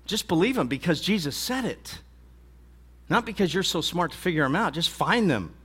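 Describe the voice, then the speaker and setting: A man's voice: sits high, animated, moderate pace, pushed and bright, slightly rough. A man pastor preaching a sermon in a conversational, emphatic and folksy way.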